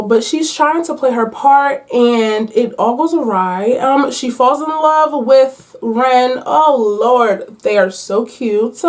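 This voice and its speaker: Chatty, animated woman book vlogger. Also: fairly high pitch, slow. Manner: chatty, animated, playful slang. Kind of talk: casual chat to viewers. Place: at home.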